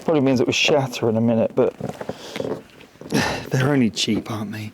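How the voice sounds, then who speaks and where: A car restoration vlogger works in his home garage, muttering to himself and the camera in a casual, wry, self-mocking way, sounding strained. His mid-range voice is brisk with long pauses, over a noisy background.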